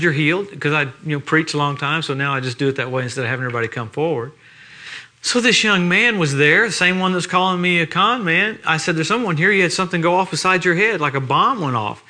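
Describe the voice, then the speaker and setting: Bright, high-voiced animated male preacher. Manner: animated, laughing storyteller. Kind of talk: sermon. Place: church.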